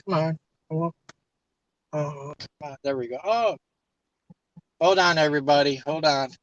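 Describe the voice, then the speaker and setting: A man hosting a live tour stream, talking viewers along slowly while driving. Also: on the high side, fairly bright tone, dry recording, highs cut off. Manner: slow, coaxing directions to viewers. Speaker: stream host giving a tour.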